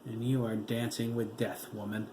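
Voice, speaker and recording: A man's voice: mid-range voice, a little slow, noisy background, lightly acted. A man playing a cold, menacing officer. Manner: threatening, clipped.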